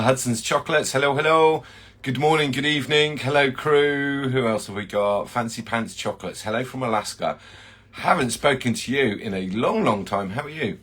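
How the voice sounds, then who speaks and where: Hosting a chocolatier livestream, a man with a lowish, slightly bright voice chats casually, greeting viewers by name and using plenty of fillers.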